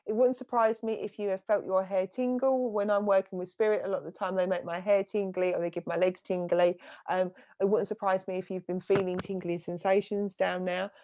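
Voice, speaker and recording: A woman psychic medium talks through a live reading in a soft, chatty voice of middling pitch. She keeps stopping to thank the spirits she says are speaking to her. The stream audio is a little dull and lo-fi.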